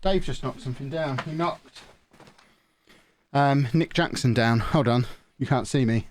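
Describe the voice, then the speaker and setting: A man's voice: mid-range voice, a little slow, a little hiss or hum. A young man chatting casually to his viewers while streaming a game from a small home office, talking close into a desk mic in a rambling way. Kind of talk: casual live-stream chat while gaming. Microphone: desk mic close to the mouth.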